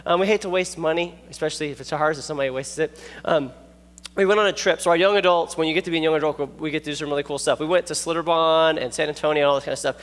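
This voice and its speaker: A man preaching a youth sermon, animated and jokey, telling stories and checking in with the listeners. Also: fairly high pitch, rapid-fire. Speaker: youth pastor. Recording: long echoey hall reverb.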